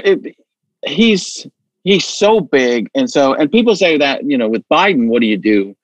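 A man talking casually as an interview guest, animated and full of restarts. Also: mid-range voice, measured pace, dry recording. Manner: animated, stammering restarts, acts out voices. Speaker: impressionist guest.

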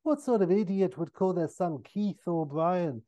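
A man's voice: high voice, measured pace, mellow, dry recording, pitched above the performer's own voice. A man doing a smug, cheeky British spy. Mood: teasing. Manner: camp, smug, teasing. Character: cheeky, flirtatious, vain British male spy. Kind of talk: comic improvised voice in a pitch.

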